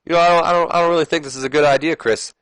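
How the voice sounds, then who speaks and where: A man's voice: a little high, fairly even intonation, very fast, fairly bright tone, clean tone, no echo, voice pushed up, natural voice, poor audio. A man voicing a nervous older male wrestling manager who stammers and hesitates.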